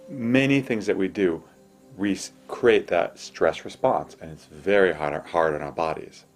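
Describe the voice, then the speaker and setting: A middle-aged man hosting an advice show, speaking in a calm, soothing way and guiding listeners through slow breathing. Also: low voice. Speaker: host.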